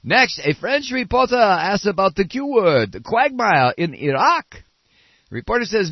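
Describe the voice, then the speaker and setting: A man from Texas hosting a podcast, giving sarcastic, animated political commentary. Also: sits high, a little slow, breathy edge, dry recording, lo-fi sound. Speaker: podcast host.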